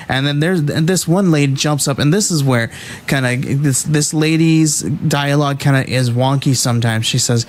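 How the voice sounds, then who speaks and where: A man hosting a casual comic book review podcast, talking in an animated, halting way with many restarts. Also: a little high, a little hiss or hum.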